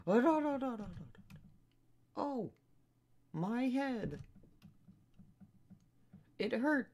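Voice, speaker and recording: A gamer squeaking as a dazed frightened young woman. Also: sing-song, drawn-out words, a little mellow, heavily acted. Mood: pained. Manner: high squeaky put-on girl's voice. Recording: noisy home recording with keyboard clicks.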